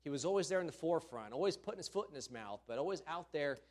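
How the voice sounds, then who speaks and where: A preacher delivering a sermon in an emphatic storytelling manner. His fairly high voice rises and falls widely as he leans into key phrases. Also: lively intonation, quick pace, a little mellow.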